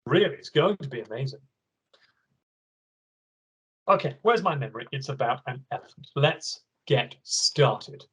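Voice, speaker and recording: A man teaching an online writing lesson, reading a picture book aloud in an expressive, encouraging way. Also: medium pitch, normal speed, slightly rough, rough recording.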